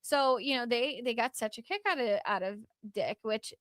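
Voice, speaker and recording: A chatty woman hosts a casual podcast and tells a long story, peppered with filler words and little acted-out quotes. Her voice sits fairly high. The sound is close and dry, with no room echo. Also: moderate pace. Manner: animated, lots of filler words, acts out quotes. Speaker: podcast host.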